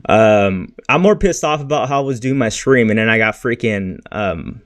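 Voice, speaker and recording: In a casual livestream, a man with a lowish voice and lively intonation talks crypto markets at a normal speed while venting bluntly about what he's lost. His frustration comes out in slang, with "freaking," "bro" and "dude" cropping up again and again.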